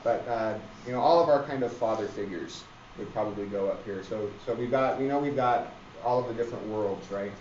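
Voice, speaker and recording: A man's voice: on the low side, fairly quick, darkish tone, slight background noise. A man teaching a literature class, rambling with many fillers and restarts. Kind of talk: classroom lecture. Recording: roomy, dull classroom recording.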